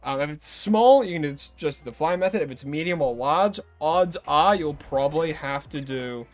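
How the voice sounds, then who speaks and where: A man's voice: on the high side, animated, normal speed. An Australian man streaming a game live, chatting casually with viewers, greeting them and correcting himself as he rambles. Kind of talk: casual live-stream chat while playing.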